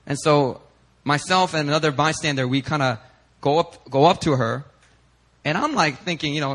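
A young male pastor telling a lively, casual story in a sermon, slipping in Korean phrases. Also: fairly high pitch, normal speed.

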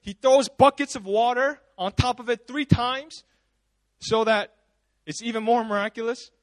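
A pastor preaching at a church service, telling stories in a loose, chatty, animated way full of asides. His voice sits very high for a man, and the sound is dry and close. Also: normal speed, no echo. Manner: casual, animated storytelling with frequent asides. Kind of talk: sermon.

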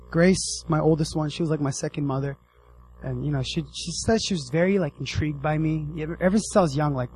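A young American man giving a casual, animated sermon, acting out the characters in his story. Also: on the high side, slightly rough, rough recording. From United States. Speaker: preacher.

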